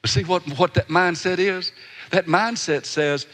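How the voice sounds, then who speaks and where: A man's voice: high voice, measured pace, a bit bright. A man preaching a sermon in a folksy storytelling manner, with asides and rhetorical questions. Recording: echoey hall.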